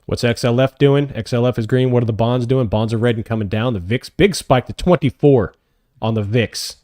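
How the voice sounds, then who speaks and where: Excitable man calling live trades. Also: medium pitch, fairly quick, dry recording, studio quality. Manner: excitable, cheering on trades, reading chat questions. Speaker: options trading livestream host. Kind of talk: live trading commentary to chat.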